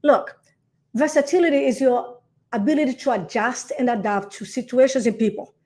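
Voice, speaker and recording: On a podcast interview, an animated woman who works as a real estate coach speaks at normal speed in a somewhat high voice. Portuguese is her first language, and she acts out phone calls and calls people "darling."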